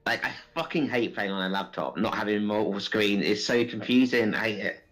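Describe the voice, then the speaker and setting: Very deep-voiced swearing player. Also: male voice, brisk, a bit bright. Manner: hesitant, full of ums and swearing. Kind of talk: casual tabletop game chat.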